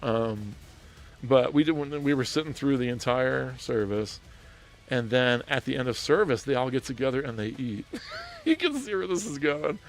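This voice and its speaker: A man chatting on a livestream, spinning an anecdote with a gravelly edge to his mid-pitched voice. He laughs a lot and stumbles over his words as he goes, while soft music plays underneath. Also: lively intonation, normal speed. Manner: chatty, laughs often, many restarts. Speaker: streamer host. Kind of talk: casual storytelling on a gaming livestream.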